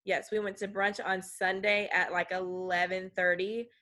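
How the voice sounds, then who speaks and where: A woman's voice: medium pitch, flat delivery, normal speed, bright, forceful tone. A young adult woman in casual conversation, outspoken and emphatic.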